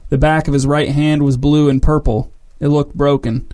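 A man narrating a story in an even, measured way. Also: on the high side.

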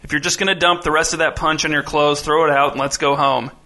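A man doing a flat, curt, tired father. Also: a little high, quick pace. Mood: cold.

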